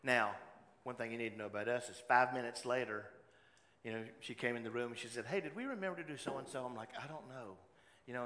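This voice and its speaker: A man preaching a sermon as pastor, moving between loud exhortation and hushed personal storytelling. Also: mid-range voice. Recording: long hall reverb, faint room noise.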